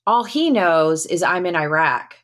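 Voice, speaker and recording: A middle-aged woman from the United States with a fairly low voice tells a personal story as a podcast guest. She speaks candidly and emphatically, with casual fillers. She leans into key phrases. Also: animated, a little slow, fairly bright tone. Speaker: podcast guest, retired Air Force colonel.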